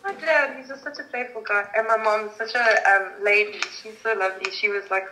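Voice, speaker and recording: A woman's voice: mid-range voice, brisk, echoey room, slight background noise, low-quality recording. A woman from South Africa, a guest in a casual interview, telling family stories with lots of laughter. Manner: laughing, animated storytelling. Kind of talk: casual chat.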